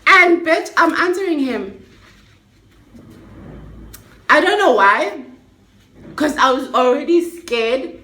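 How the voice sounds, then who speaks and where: Bright, high-voiced woman. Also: slow, long pauses. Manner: chatty, expressive storytelling with slang and swearing. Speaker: vlogger. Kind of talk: storytime vlog. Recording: echoey room.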